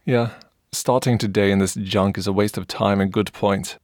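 A man's voice: on the low side, fairly even intonation, normal speed, a little mellow, no room sound, studio quality, lightly acted. A man voicing a blunt South African surfer. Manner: blunt, dismissive. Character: gruff male South African pro surfer.

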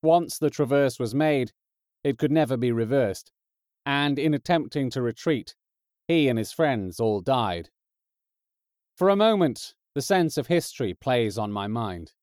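A man narrating an audiobook in a steady, measured storytelling voice. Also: medium pitch, dry recording, studio quality.

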